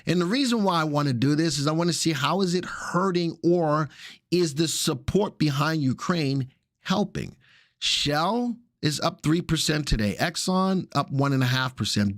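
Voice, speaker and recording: A man's voice: on the high side, dry recording, clean studio sound. Man hosting a casual live market show. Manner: casual, chatty, jokey asides. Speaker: stock market analyst host.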